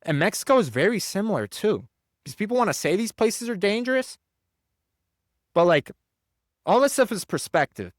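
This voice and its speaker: Young male podcast host, slightly high voice, dry close sound, animated anecdote teller. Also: moderate pace, long pauses, no room sound. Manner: animated storyteller, acts out quoted voices, many fillers. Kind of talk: casual storytelling chat.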